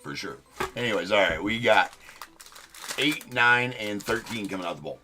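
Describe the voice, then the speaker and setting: Against a noisy background, a young man hosts a card break live stream at a moderate pace. His banter with viewers is loose and self-mocking, sprinkled with occasional swearing, and his voice jumps up in pitch when he gets excited.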